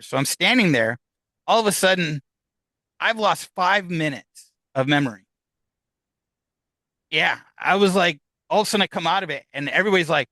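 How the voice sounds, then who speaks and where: A man's voice: a little high, pushed and bright, no echo, poor audio. A man from Upstate New York, a guest in a podcast interview, telling a long story with many fillers and restarts and acting out what other people said. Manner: rambling, halting with fillers and restarts; acts out other people's lines as he tells the story.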